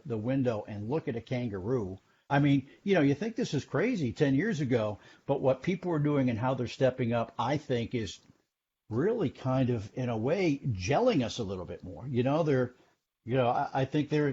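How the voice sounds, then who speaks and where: A man's voice: mid-range voice, a little mellow, slightly rough. A man in his sixties, a television journalist telling stories as a guest in a casual interview over a video call from his home, chatty and self-deprecating. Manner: chatty storyteller, self-deprecating, many restarts. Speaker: TV news guest. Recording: dull lo-fi call audio.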